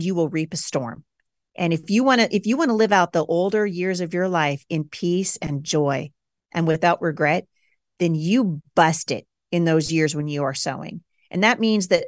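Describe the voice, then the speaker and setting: A woman in her forties talks as a guest on a close, dry studio mic, her voice sitting fairly low. She speaks emphatically and with animation, and her pitch jumps high when she acts out her past self. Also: no echo. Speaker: podcast guest. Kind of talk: candid conversational interview.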